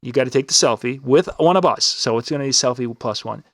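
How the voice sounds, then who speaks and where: Co-hosting a casual live web show, a man with a mid-range voice talks fast and upbeat while promoting a contest, rambling with fillers and frequent restarts. The sound is clean studio audio with no room sound.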